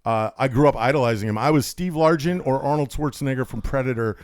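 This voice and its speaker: A man's voice: fast talker, dry recording, studio quality. A man, the guest on a podcast, telling rambling stories with lots of energy and jokes. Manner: high-energy, talkative, jokey, does voices for quotes. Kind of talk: rambling storytelling chat.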